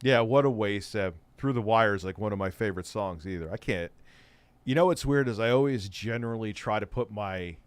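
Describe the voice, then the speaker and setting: A man's voice: lowish voice, brisk, clear, resonant tone, dry recording, some chatter behind. Sarcastic man ranting over clips, dry sound. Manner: sarcastic, exasperated, swears freely. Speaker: host. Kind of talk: casual commentary reacting to clips.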